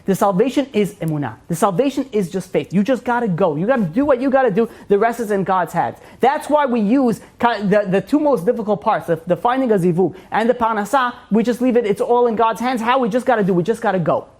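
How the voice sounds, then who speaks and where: A man, a rabbi, giving an informal Torah class as an animated storyteller who fills his talk with "you know". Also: sits high, fast, hardly any pauses.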